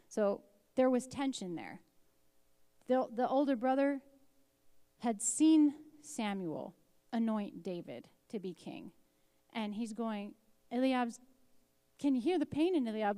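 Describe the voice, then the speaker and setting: A woman leads an informal Bible lesson and talks through scripture in a relaxed, conversational way. She reads passages aloud and brings the quotes to life. Her voice sits a little high and is recorded dry and close. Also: unhurried, no room sound. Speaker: Bible teacher.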